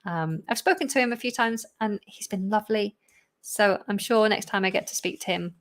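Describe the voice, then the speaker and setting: A woman's voice: medium pitch, a little fast. A woman, a teacher answering viewer questions in a chatty live Q&A, laughing often and sounding a bit tired. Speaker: English teacher and channel host.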